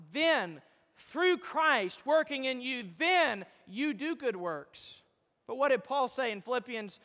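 Man, pastor preaching a sermon, very high voice, emphatic swells, long hall reverb. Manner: rises to loud emphatic peaks, drops to soft low lines; quotes King James scripture.

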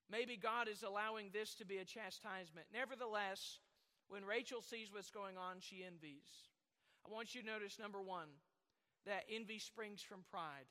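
A man's voice: high-pitched, bright, forceful tone, in a large hall. A man preaching a sermon, rambling at times and asking the congregation questions. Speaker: pastor.

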